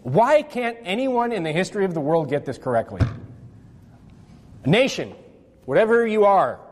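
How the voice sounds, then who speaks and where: A man's voice: high voice, sing-song, moderate pace, pauses often, in a large hall. A man preaching a sermon, reading scripture aloud and explaining it in a conversational way, full of "I mean" and "you know", then building to emphatic peaks. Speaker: pastor.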